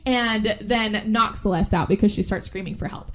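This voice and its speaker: A woman podcast host giving a casual movie recap, talking fast and chatty with lots of "like" and "right?". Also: mid-range voice, background noise.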